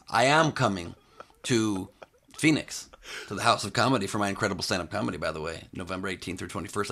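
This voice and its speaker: Gravelly, tense-voiced comedian guest. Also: male voice, medium pitch. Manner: deadpan, rambling, self-promoting jokes. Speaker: podcast guest, stand-up comedian. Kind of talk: casual comic podcast banter.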